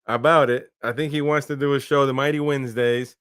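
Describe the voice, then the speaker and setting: Smooth casual watchalong host, man. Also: medium pitch, fairly even intonation, fairly quick, a bit bright, no echo, clean studio sound. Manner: casual play-by-play, talks to viewers, laughs often. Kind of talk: live match commentary and chat reading.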